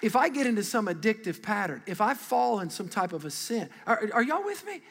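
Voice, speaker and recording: High, bright-voiced man preaching a sermon. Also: fairly quick, vocal fry, big-room sound, some chatter behind. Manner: animated, conversational preaching with audience call-and-response. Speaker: pastor. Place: large church auditorium.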